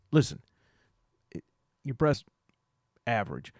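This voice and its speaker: A man playing an awkward male out-of-town investigator in a put-on Southern US accent, fumbling and halting. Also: mid-range voice, big pitch swings, a little mellow, dry recording, studio quality, heavily acted.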